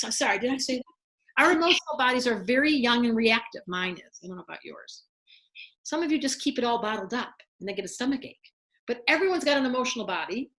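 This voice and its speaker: A woman astrologer giving a lively spiritual talk to a group and acting out inner voices as she goes. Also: high voice. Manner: animated, acts out inner voices. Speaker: astrologer teaching a workshop.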